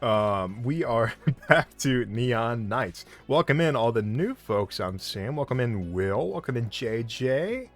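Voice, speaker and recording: A man's voice: medium pitch, animated, slow pace. A man co-hosting a live tabletop game stream, chatting casually and joking between giveaway announcements. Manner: jokey, laughs often, slips into a hyped wrestling-announcer voice. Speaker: co-host running a giveaway. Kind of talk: casual livestream chat.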